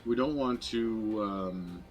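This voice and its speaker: A man with a lowish voice chats his way through a digital card game stream, narrating each play as it comes to mind. He pokes fun at himself easily and keeps the tone loose and conversational. Faint music plays underneath. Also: slow pace, highs cut off. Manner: chatty, self-deprecating, thinking aloud. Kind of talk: casual gameplay commentary.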